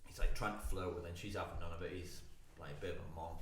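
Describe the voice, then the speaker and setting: This British podcast co-host trades crude, sweary anecdotes in casual banter and keeps breaking into laughter. He has a deep voice with fairly even intonation and a quick pace, recorded in an echoey room with faint noise.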